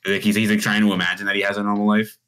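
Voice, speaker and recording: A man's voice: on the low side, little pitch movement, a bit bright. A man co-hosting a casual music podcast, rambling through his take with many fillers and restarts. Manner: rapid, rambling, lots of "like" and restarts. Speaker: podcast co-host. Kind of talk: casual music review chat.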